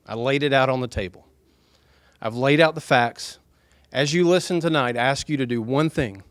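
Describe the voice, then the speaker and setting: A middle-aged man, speaking earnestly and softly to residents at a town meeting. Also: on the high side, no echo. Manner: soft-spoken, earnest, folksy. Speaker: developer's representative at a town hall. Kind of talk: public speech at a town meeting.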